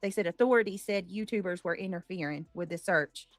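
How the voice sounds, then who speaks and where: A woman's voice: on the low side, fairly quick, dry recording, soft background music. A woman joining a livestream chat as a guest, talking casually and reacting with muttered exclamations.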